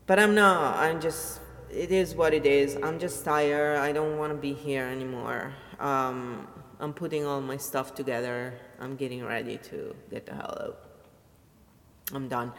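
A woman's voice: low-pitched, long reverb tail. Blunt woman ranting, swearing. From Italy. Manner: blunt, swears freely, rambling. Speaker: vlogger. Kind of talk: personal rant to camera.

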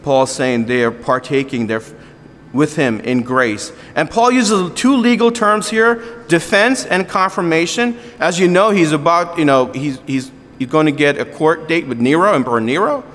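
High-voiced pastor preaching in a reverberant hall. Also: male voice, moderate pace, fairly bright tone. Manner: earnest, with asides and jokes to the congregation. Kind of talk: sermon.

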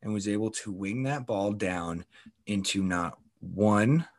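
A man co-hosting a casual sports podcast, animated and profane, teasing his friend, his voice jumping up when excited. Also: on the low side, slow. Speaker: podcast co-host.

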